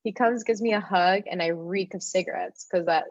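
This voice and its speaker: A young woman telling the story of her life in casual talk, animated, with a lot of "like", and she acts out the other people. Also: lowish voice, normal speed, no room sound, muffled recording.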